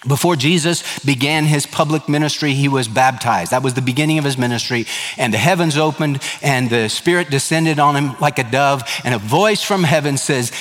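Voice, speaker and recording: A man's voice: medium pitch, normal speed, fairly bright tone. A middle-aged male pastor preaching a sermon in an earnest, emphatic way, often working through numbered points. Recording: hall reverb.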